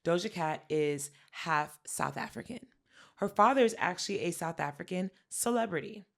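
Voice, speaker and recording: A woman co-hosting a podcast, telling pop culture stories in a casual, animated way and acting out the quotes. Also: fairly low pitch, moderate pace, creaky. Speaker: podcast co-host. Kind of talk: casual chat.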